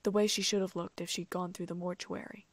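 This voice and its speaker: An audiobook reader with a lowish voice works through a fan fiction story, reading fairly quickly in a flat, steady manner. There's a slight gravel to her tone, and the close recording is dry with no room sound.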